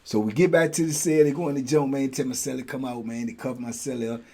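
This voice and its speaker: A man's voice: medium pitch, quick pace, breathy edge. A middle-aged man and channel host telling a story in a casual way, slipping into voices for the people in it. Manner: animated, slips into voices for the people in his story.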